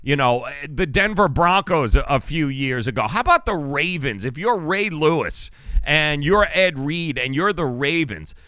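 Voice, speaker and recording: A man's voice: a little high, lively intonation, measured pace, sharp tone, no room sound. A male sports talk show host ranting casually about a football game, exasperated and rambling, with frequent restarts.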